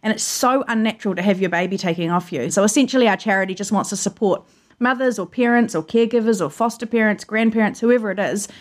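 A woman's voice: medium pitch, fast talker. A woman, a journalist telling personal stories in an earnest, emotional way during an interview from her home. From New Zealand. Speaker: journalist guest. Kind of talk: remote interview, personal storytelling.

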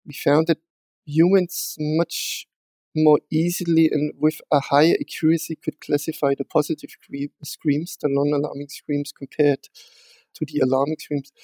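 Guest researcher, male, slightly higher voice, careful and halting. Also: dark tone, no room sound. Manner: measured, hesitant with many fillers and restarts. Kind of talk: explaining research in an interview.

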